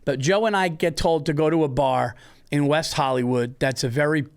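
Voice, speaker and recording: A man hosting a comedy podcast, telling stories with lively acted-out quotes. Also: on the high side, moderate pace, gravelly, clear, resonant tone. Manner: animated storytelling, acts out quotes. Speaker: podcast host. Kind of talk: casual comedy podcast chat.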